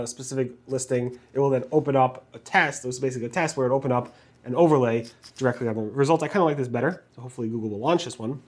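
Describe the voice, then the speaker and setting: A man rattles off a weekly roundup of search news in a quick, casual delivery. He trips over words now and then, restarting phrases and filling gaps with ums and uhs. His tongue is sore from a bite, so his speech is a little impeded. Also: medium pitch. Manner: fast talker with many fillers and restarts.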